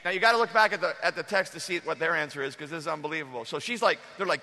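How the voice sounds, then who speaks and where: A male pastor preaching a lively sermon, acting out the story and drawing the congregation in. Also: fairly high pitch, fast talker, hardly any pauses. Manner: animated, acts out the story with the congregation. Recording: echoey hall.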